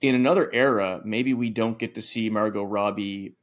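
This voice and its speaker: Thoughtful low-voiced man. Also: steady tone. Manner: thoughtful, measured, reflective. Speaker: podcast co-host. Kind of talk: casual film discussion.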